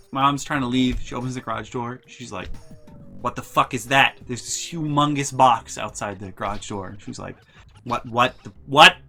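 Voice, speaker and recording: A young man telling a comic storytime vlog with animated, profane, exasperated delivery. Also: medium pitch, creaky. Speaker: vlogger.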